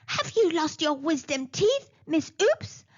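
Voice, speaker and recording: A woman's voice: very high voice, sing-song, slow pace, pitched above the performer's own voice, exaggerated voice. A woman voicing a jumpy male dolphin dentist who stammers and panics, on a dull lo-fi recording. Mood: nervous. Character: jittery male dolphin dentist, easily scared.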